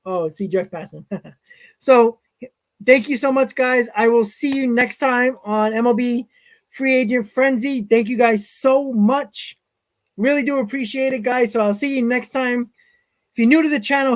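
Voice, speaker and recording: A man hosting a live stream, reading chat comments and telling stories in a casual way, often chuckling. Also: very high voice. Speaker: host.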